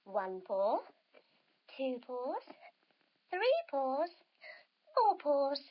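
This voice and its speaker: A woman narrating a children's yoga story, playful and animated, with sound effects. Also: high voice, drawn-out words. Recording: dull lo-fi recording.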